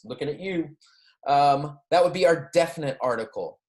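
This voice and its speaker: A man whose voice is fairly high and expressive patiently explains Spanish grammar in a recorded classroom lecture. He pronounces the Spanish examples slowly and clearly, checking in repeatedly with "okay?" and "right?".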